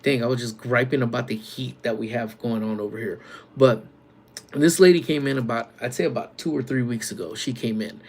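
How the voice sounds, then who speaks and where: Streaming live from his security post at a community center, this man uses laid-back slang and calls out loud hellos to arriving viewers. His medium-pitched voice moves briskly and carries vocal fry.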